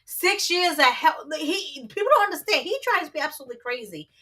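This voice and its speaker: A woman with a New Jersey accent co-hosting a casual livestream, brash and teasing, quick to swear. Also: high-pitched, animated, pushed and bright. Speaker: co-host.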